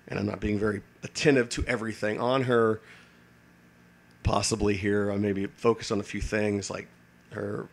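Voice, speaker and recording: A somewhat low-voiced man, a navy veteran, tells a long casual story. He rambles, restarts sentences and leans on fillers. He swears freely along the way. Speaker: navy veteran telling stories.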